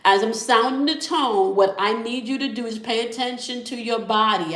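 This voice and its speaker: A woman leading a spiritual tarot and sound-healing session, calm and instructive, often checking in with the listener. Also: a little high, moderate pace, reverberant. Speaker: spiritual reader.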